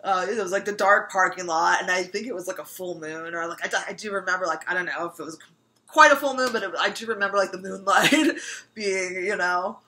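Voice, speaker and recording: A woman's voice: on the low side, sharp tone, low-quality recording. A woman in her thirties telling a personal anecdote casually, rambling and full of fillers. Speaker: storyteller.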